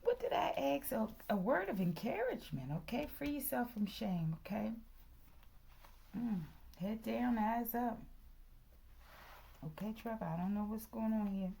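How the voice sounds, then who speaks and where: A woman's voice: a little high, vocal fry, warm tone. Chatty tarot-reading woman, half-whispering. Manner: chatty, slips into whispers, says "okay" constantly. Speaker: tarot reader.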